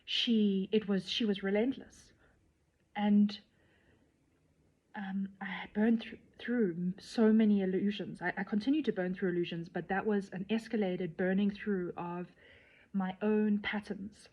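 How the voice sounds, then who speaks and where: A woman speaking candidly to camera about her life as a nun, playful at times and earnest, sometimes dropping to a soft whisper. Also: mid-range voice, steady tone, measured pace. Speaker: tantric nun sharing her journey. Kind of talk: personal vlog to camera. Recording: slightly dull, lo-fi sound.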